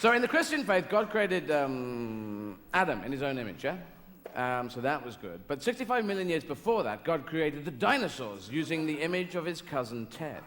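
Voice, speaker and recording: A man's voice: on the high side, sing-song, moderate pace. A man performing stand-up comedy in a large theatre, rambling and digressing, cutting himself off mid-thought. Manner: rambling, digressive, self-interrupting. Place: large theatre, live audience. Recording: live theatre hall reverb with audience noise. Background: audience ambience.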